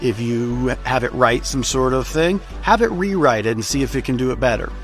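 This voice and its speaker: A man hosting a casual tutorial, explaining steps in a relaxed, plain-spoken way with frequent "uh" fillers. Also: mid-range voice, a little fast, soft background music. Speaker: tutorial host. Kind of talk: casual screen-recorded tutorial.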